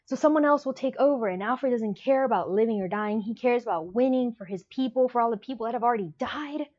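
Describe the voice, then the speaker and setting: A gushing, emotional woman talks through a book she loves in a casual review vlog, rambling from one point to the next. Her voice sits a little high, and the recording sounds dull and lo-fi. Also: fast, darkish tone.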